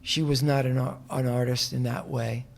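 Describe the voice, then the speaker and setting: Guy w a really gravelly voice rambling thru a story, soft spoken, hotel room interview. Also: mid-range voice, little pitch movement, moderate pace, a little hiss or hum. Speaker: musician guest. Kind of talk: casual interview conversation.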